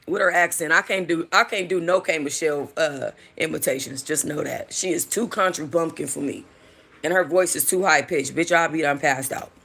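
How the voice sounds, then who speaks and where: A woman hosting casual gossip commentary about reality TV, chatty, animated and profane. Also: lowish voice, a little fast. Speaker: host.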